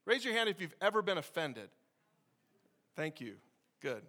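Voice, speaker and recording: A man preaching a sermon to his congregation, conversational and energetic, with sudden loud bursts. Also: high voice, normal speed. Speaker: pastor.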